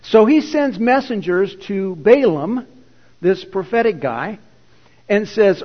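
A man preaching, retelling a scripture story in a lively, conversational manner, his voice sitting a little high. The sound rings in a long hall reverb and comes through dull and lo-fi. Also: a little slow. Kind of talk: sermon.

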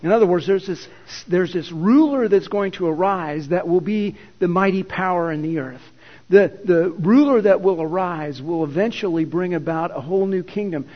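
Conversational storytelling preacher in a hall. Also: male voice, high voice, moderate pace. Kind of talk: sermon. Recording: echoey hall, dull lo-fi.

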